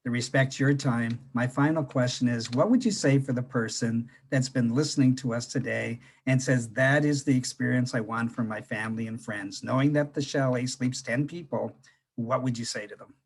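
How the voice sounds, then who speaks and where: Man, interview host, friendly, deliberate, mid pitch. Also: steady tone, breathy edge. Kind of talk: interview hosting.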